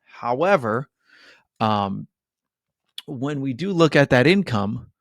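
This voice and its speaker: A man's voice: medium pitch, animated, slow, no echo, clean studio sound. A middle-aged man hosting a mortgage webinar, chatty and upbeat, with many fillers and "right?" asides. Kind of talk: webinar presentation.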